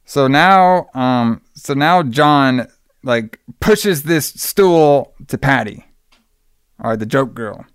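A man's voice: medium pitch, expressive, slow pace, clean tone, dry recording. Brief: a casual male co-host recapping a film, rambling, in a dry, close sound. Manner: rambling, with many fillers and restarts. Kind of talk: casual movie recap chat.

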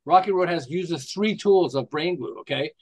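An American man in his sixties, a marketing specialist appearing as an interview guest, speaks with a fairly high pitch at a moderate pace. He tells stories full of laughs and rhetorical questions in an enthusiastic, casual interview.

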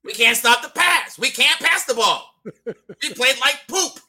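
A man doing an impression of an exasperated male football coach ranting loudly in short, clipped bursts. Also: extremely high pitch, expressive, unhurried, pitched above the performer's own voice, full character voice. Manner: loud, clipped outburst.

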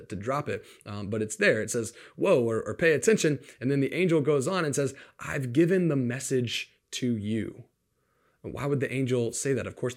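A man's voice: medium pitch, a little mellow. A man preaching a sermon in an earnest, conversational way, asking his listeners rhetorical questions.

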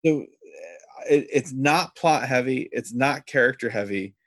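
A man's voice: mid-range voice, unhurried, no room sound. A man co-hosting a casual chat about a TV episode, often stumbling over his words before he makes his point. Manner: hesitant, restarts, then animated disbelief. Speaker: podcast co-host.

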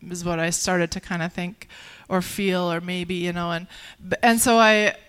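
Earnest woman with a smooth, clear voice. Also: lowish voice, steady tone, a bit bright. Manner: earnest, halting, with many restarts and fillers. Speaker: guest sharing a personal testimony. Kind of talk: personal testimony in conversation.

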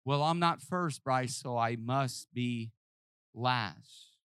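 A man preaching a sermon, acting out Bible scenes in voices and swinging from hushed, close talk to shouting. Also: mid-range voice, takes it slowly, clean tone, no echo. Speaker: pastor. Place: church hall with congregation.

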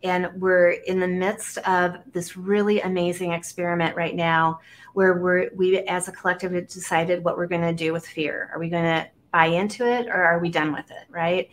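A woman from Iowa, a guest on an interview show, talking casually with many fillers and animated storytelling. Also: on the low side, moderate pace. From Iowa, United States.

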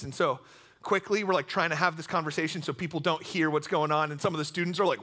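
Young guy youth pastor telling a goofy story, high bright voice, keeps going off on tangents. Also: fast talker. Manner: rambling, self-deprecating, jokey asides. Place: church stage before a youth audience.

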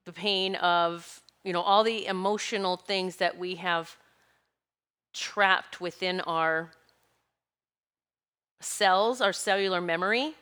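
A woman's voice: fairly low pitch, takes it slowly, long pauses, pushed and bright, clean tone. A woman giving a casual spiritual talk, rambling and searching for words, with laughs between her thoughts. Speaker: spiritual speaker.

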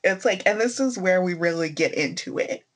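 A woman co-hosting a casual book discussion podcast, relaxed and chatty, laughing often. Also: on the low side, moderate pace. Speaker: podcast co-host.

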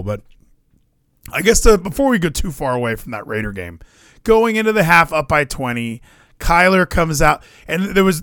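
Animated young man venting about football. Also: fairly high pitch, no room sound, studio quality. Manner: animated, swears, frequent fillers and restarts. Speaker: podcast co-host. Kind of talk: casual sports chat.

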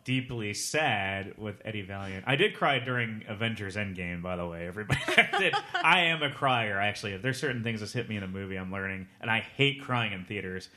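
A man's voice: lowish voice, expressive, brisk, hardly any pauses, bright, forceful tone. A man in his forties chatting on a film podcast, joking and laughing easily. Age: 40s. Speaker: podcast co-host. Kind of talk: casual movie review chat.

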